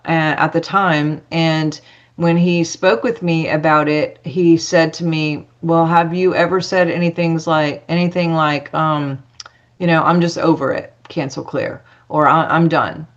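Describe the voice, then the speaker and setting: A woman's voice: low-pitched, fairly even intonation, unhurried, highs cut off. A woman telling a personal story as a podcast guest, chatty, acting out dialogue with lots of fillers.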